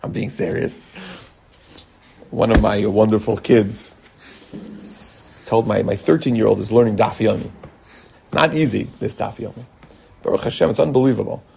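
A middle-aged man, a rabbi, giving an animated Torah lecture full of stories and bursts of emphasis. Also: lowish voice, moderate pace, creaky, pauses often, slight background noise. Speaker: rabbi teaching a Torah class.

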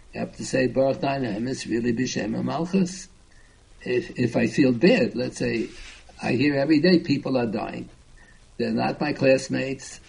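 A man's voice: mid-range voice, creaky, darkish tone, breathy edge, rough recording. A man teaching a Talmud class, explaining step by step and chanting the Hebrew and Aramaic quotes.

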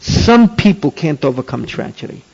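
A man with a high voice lectures in a religious class, hammering points home and repeating phrases for emphasis. The sound is dull and lo-fi, like an old tape recording. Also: big pitch swings, normal speed, creaky, darkish tone, slightly rough. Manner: emphatic, repetitive, rising to questions. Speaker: rabbi teaching a class. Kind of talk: Torah lecture.

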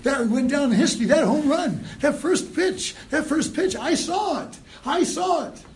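A man giving a mussar sermon, moving from hushed storytelling to loud rhetorical questions, with Hebrew and Yiddish terms mixed in. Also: extremely high pitch, lively intonation, normal speed, few pauses, low-quality recording. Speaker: rabbi giving a mussar talk.

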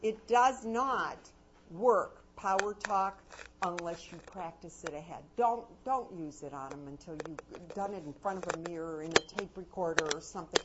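A woman giving a live parenting workshop, lively and chatty, often dropping to a low, soft voice to demonstrate. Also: moderate pace. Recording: muffled recording with background noise.

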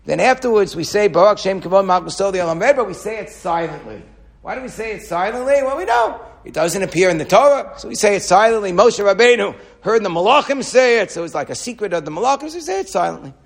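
Rabbi, high gravelly voice, teaching a torah class. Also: male voice, fast. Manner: animated teaching with Hebrew quotes, repeats words when thinking.

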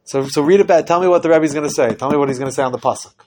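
A man teaching a Torah class, explaining a text with lively acted-out dialogue and many Hebrew terms. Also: on the high side, rapid-fire. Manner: animated, acts out quoted dialogue.

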